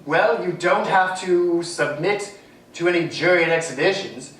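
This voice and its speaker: Guest spot: high-voiced man, self-deprecating rambler, distant mic in an echoey room. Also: a little slow, a bit bright. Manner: self-deprecating, wanders off on tangents. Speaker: street artist guest. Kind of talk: rambling interview chat.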